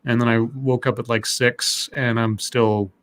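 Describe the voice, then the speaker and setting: A tired man co-hosting a podcast, telling a story in a rambling way with many halting restarts. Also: medium pitch, level tone, fairly bright tone. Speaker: podcast co-host. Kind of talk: casual storytelling chat.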